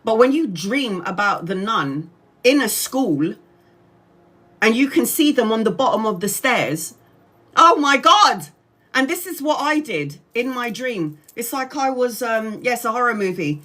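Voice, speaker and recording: A woman's voice: on the high side, lively intonation, measured pace, fairly bright tone. Chatty swearing woman tarot reader. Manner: chatty, swears freely, laughs often. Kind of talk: casual livestream chat.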